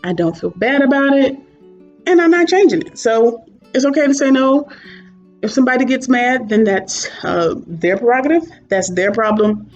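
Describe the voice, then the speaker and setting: A woman's voice: fairly high pitch, animated, normal speed. A woman in her twenties or thirties talking candidly to camera in a casual vlog, chatty and prone to asides. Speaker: vlogger. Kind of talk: casual talking-head reflection. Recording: dull lo-fi sound with soft guitar music behind.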